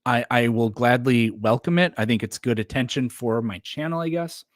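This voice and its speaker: A man's voice: mid-range voice, moderate pace, no room sound. A man chatting casually on a livestream, rambling with lots of fillers and restarts. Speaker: streamer.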